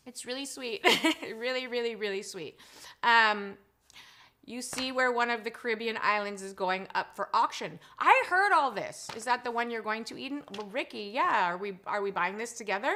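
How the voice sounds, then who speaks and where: A middle-aged woman hosting a live-stream show. She greets viewers in the chat warmly and effusively, chatting with lots of "um" and "you guys". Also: on the high side. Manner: effusive and gushing, chatty with frequent 'um' and 'you guys'.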